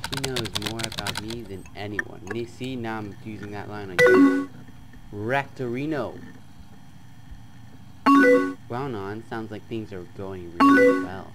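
A man playing a chat game on his channel, reading the messages aloud in a flat tone and breaking into loud, excited outbursts. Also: lowish voice, normal speed, loud music behind the voice. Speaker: gaming YouTuber. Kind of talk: let's play commentary, reading chat aloud.

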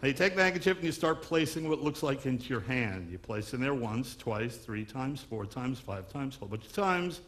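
A man's voice: medium pitch, expressive, a little fast, few pauses, fairly bright tone, a little hiss or hum. A man from Long Island doing a stand-up comedy magic act, wisecracking patter on stage before a live audience. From Long Island, New York.

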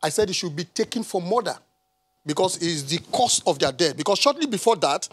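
A man's voice: high voice, lively intonation, a little fast, breathy edge, rough recording. A Nigerian man speaking as an analyst on a TV panel, impassioned and raising his voice. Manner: impassioned, voice rising. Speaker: analyst guest. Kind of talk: TV panel discussion. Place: TV studio.

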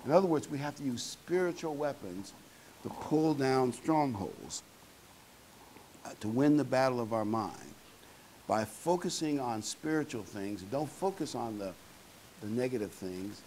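A man's voice: mid-range voice, a little mellow, a little hiss or hum, low-quality recording. A man preaching a sermon in a conversational, folksy way, with fillers and asides to the congregation.

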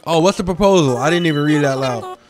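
A man's voice: fairly high pitch, quick pace, over music. A sleepy young man doing late-night let's-play commentary, goofy and rambling from one topic to the next. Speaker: gaming YouTuber.

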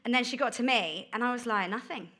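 A woman giving a candid sermon about her life, told as a chatty story with quick asides. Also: fairly high pitch, sharp tone. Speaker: guest speaker. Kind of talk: testimony sermon.

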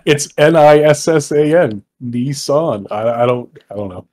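A man's voice: on the high side, animated, normal speed, a little mellow. An American man co-hosting a podcast, chatting casually and arguing in a playful, joking way. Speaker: podcast co-host. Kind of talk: casual chat.

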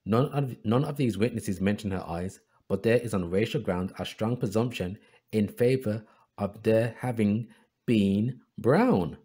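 A man's voice: on the low side, moderate pace, breathy edge. A man hosting a history channel, reading book excerpts aloud and adding sarcastic asides. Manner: reads passages in an even voice, then adds sarcastic asides.

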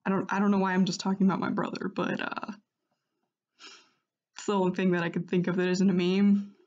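A woman's voice: lowish voice, little pitch movement, fairly quick, a little mellow, lo-fi sound. A woman chatting casually and self-deprecatingly, rambling between attempts at character voices. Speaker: voice hobbyist. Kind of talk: casual vlog commentary.

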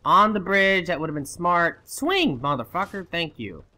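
Foul-mouthed man yelling through a game. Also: a little high, lively intonation, moderate pace. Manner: swears constantly, yelling at the game in frustration; laughs and shouts in sudden outbursts. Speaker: let's play commentator. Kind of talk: casual gameplay commentary.

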